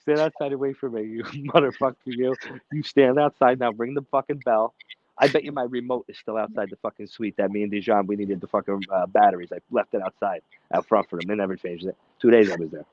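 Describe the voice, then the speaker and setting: A man's voice: on the low side, fairly even intonation, fast, no echo, muffled recording. A brash man co-hosting a casual podcast, swearing constantly as he tells stories. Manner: brash, swears constantly, acts out quotes in a raised voice. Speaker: podcast co-host. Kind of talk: casual profane storytelling chat.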